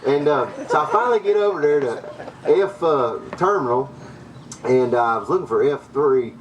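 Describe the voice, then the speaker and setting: A man's voice: on the high side, expressive, normal speed. Folksy man telling a story from afar. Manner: folksy, laughs often. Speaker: workshop presenter. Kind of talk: storytelling to a live audience. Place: workshop room. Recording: distant mic with audible noise.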